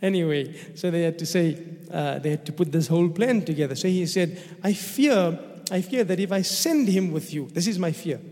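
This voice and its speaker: A high-voiced man with a South African accent preaches with loose, humorous storytelling. He slips into little acted bits of dialogue as he explains the text. His voice rings with the long reverb of a large mosque hall. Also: normal speed, a little mellow. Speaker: imam giving Quran commentary. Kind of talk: sermon.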